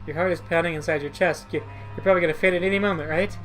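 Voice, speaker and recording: Male streamer doing a high, stammering bratty teen girl. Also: steady tone, very fast, faint music behind, close to an everyday voice, rough recording. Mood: taunting. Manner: stammering, taunting. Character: bratty scared teenage girl assistant.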